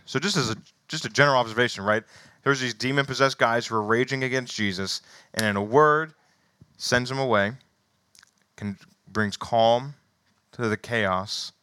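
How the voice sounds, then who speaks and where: A man's voice: fairly low pitch, normal speed, pauses often, pushed and bright, no room sound. A man preaching a sermon, reading scripture aloud with rising emphasis and then commenting casually with small laughs.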